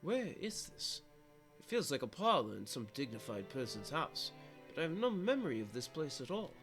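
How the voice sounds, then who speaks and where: A man's voice: medium pitch, big pitch swings, brisk, fairly bright tone. Man reading a game aloud dramatically. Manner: dramatic first-person reading with pleading repetition. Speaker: streamer. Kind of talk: reading a visual novel aloud. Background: game music.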